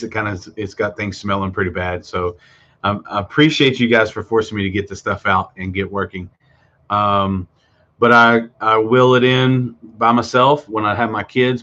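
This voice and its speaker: A man's voice: fairly low pitch, pushed and bright. A middle-aged man, a children's magician, performing magic tricks for kids on a video stream from a room at home, chatting in a rambling way with many ums and restarts. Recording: distant, dull home video sound.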